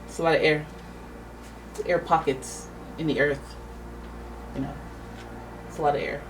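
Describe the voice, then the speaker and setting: A chatty woman reads tarot cards in a casual, playful way, reacting out loud to each one. Her voice sits on the low side. She sounds a little away from the mic, with faint noise in the background. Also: fairly even intonation, unhurried, recorded from a distance, poor audio. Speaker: tarot reader.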